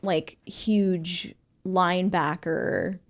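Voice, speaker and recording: A woman's voice: fairly low pitch, drawn-out words. A woman guest on a podcast, giving strong opinions in casual, emphatic speech. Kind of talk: casual talk-show conversation.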